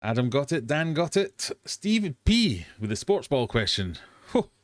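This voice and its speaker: A man's voice: mid-range voice, big pitch swings, unhurried, no room sound. Chatty English man hosting a quiz. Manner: chatty, self-mocking, easily sidetracked, bursts into silly sung bits. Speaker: host of a live quiz hangout. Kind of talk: casual live-stream quiz hosting.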